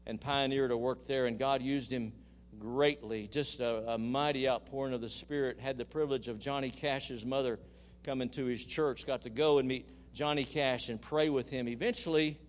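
A man preaching a sermon in church, telling a story and rising into loud, emphatic praise while calling the congregation to respond. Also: medium pitch, steady tone, normal speed, a little hiss or hum.

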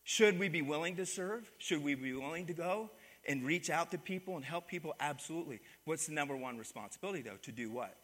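A man's voice: a little high, expressive, fast, fairly bright tone, long reverb tail. A man preaching a sermon as pastor, calling on the congregation to answer back and repeat his words. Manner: call-and-response preaching, asks the congregation to repeat. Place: church sanctuary.

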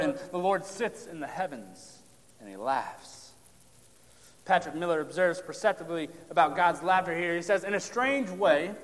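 A man preaching a sermon on a psalm, emphatic, pressing hard on key lines and then dropping to a hush. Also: on the high side. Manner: emphatic, drops to hushed tones for stress. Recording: long hall reverb.

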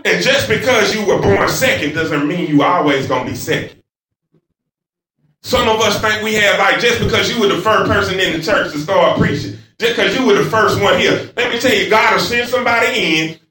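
A man preacher delivering a fervent sermon in a church, moving between shouts and hushed passages. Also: high voice, moderate pace. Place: church sanctuary. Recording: echoey church from far off.

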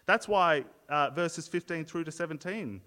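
A man's voice: a little high, moderate pace, sharp tone, big-room sound. A man preaching a sermon as pastor, explaining earnestly and often repeating words as he restarts a thought.

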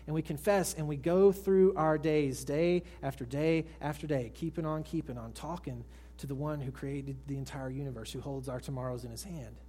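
A male pastor preaching to a congregation, swinging from raised emphatic lines to hushed soft ones and putting questions to his listeners. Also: on the high side, steady tone, brisk, hardly any pauses. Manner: asks the congregation direct questions. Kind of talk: sermon. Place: church service with congregation.

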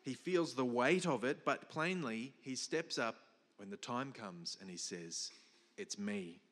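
A man at a mid pitch delivers a sermon, explaining his text step by step and leaning hard on key words. His voice carries a long hall reverb. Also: a little slow, fairly bright tone. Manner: explanatory, emphatic, with restarts and fillers. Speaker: pastor.

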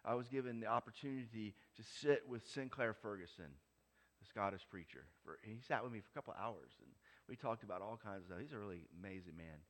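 A middle-aged man preaching a sermon, moving from soft, hushed lines to loud, emphatic ones. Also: fairly low pitch, quick pace. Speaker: pastor.

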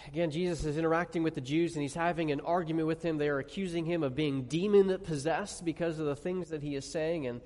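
A man's voice: on the high side, fairly even intonation, fast, hardly any pauses. Emphatic preacher man, echoing hall. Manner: emphatic, asks the audience questions, drops to quiet on key words. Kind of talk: sermon. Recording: long reverb of a large hall.

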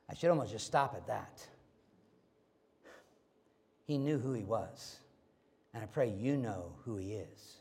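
A man preaching a sermon, stressing lines by repeating them, and swinging from loud to hushed. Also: medium pitch, expressive, measured pace, long pauses, husky. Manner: emphatic, repeating key phrases, swinging between loud and quiet.

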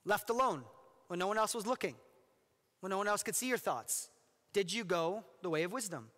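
A male pastor giving an animated, jokey sermon, often asking his listeners questions. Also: high voice, brisk, long reverb tail.

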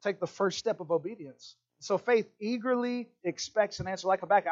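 A man's voice: high voice, brisk, few pauses, highs cut off. A man preaching a sermon as a pastor, telling stories and acting out little voices. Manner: animated storytelling, acts out voices.

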